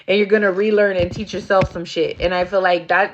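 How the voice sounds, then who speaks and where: A woman's voice: fairly low pitch, little pitch movement, brisk, hardly any pauses, dull audio. A woman giving a casual tarot reading, blunt and profane, acting out rowdy asides. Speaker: tarot reader.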